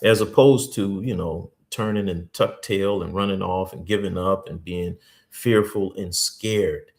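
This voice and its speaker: A host giving a teaching talk, repeating key points slowly and earnestly, with stories from church life. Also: male voice, deep voice, steady tone.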